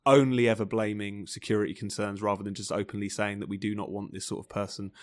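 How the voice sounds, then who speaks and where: A man on a podcast, arguing briskly in casual discussion. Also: lowish voice, flat delivery, dry recording, clean studio sound. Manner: brisk, argumentative.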